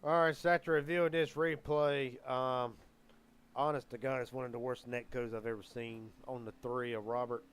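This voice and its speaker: A man calling a live sim race as commentator, excitable and quickening with the action. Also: mid-range voice, smooth.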